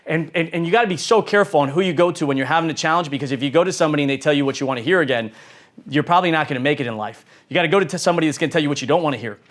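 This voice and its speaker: A man's voice: on the high side, rapid-fire. An American entrepreneur gives a motivational talk in a slightly raised voice. He is earnest and emphatic, builds points through repetition, and leans on fillers as he talks. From United States. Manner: earnest and emphatic, with many fillers and repeated phrases; speaks in lists and emphatic repetition. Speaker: entrepreneur sharing lessons.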